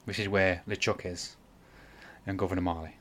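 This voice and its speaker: A man hosts a casual podcast in a low voice, rambling through a long retelling. He loses his place often, stops to correct himself and apologizes. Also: level tone, moderate pace, fairly bright tone. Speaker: podcast host. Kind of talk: casual chat.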